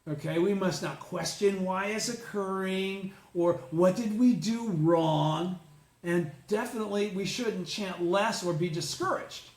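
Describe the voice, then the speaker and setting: A man's voice: high voice, measured pace, hardly any pauses. A man leading an informal religious study group, explaining a text, checking in with listeners and swearing casually. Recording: roomy echo.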